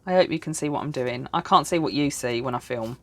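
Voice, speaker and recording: A planner vlogger in her thirties talks fast in a bass voice with a fairly bright tone as she sets up her planner at home. She's tired and yawning, and the casual chat while crafting drifts into rambling, chatty, self-deprecating asides.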